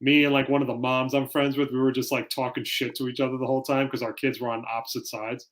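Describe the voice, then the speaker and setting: A man chats on a casual podcast. He tells stories in an animated way and acts out what people said. His voice sits at an ordinary middle pitch. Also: fast talker. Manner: animated storytelling, acts out quoted lines. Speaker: podcast co-host. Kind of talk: casual chat.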